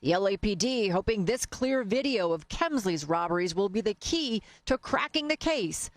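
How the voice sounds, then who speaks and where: A woman reading a scripted news voice-over in a crisp, even style. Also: medium pitch, moderate pace, dry recording. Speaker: news narrator.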